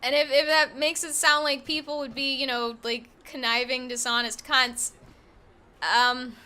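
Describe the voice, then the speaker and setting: Streaming gameplay, a woman talks casually, cursing freely and laughing often in a frank, profane way. Her high-pitched voice is bright and forceful, with a level tone and a measured pace.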